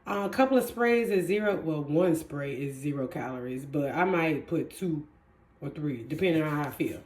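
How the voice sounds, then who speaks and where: A woman, chatting excitedly while she cooks in a casual vlog. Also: sits low, normal speed, echoey room. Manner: chatty and excitable, laughs easily. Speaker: fitness vlogger cooking at home. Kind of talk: casual cooking vlog chat.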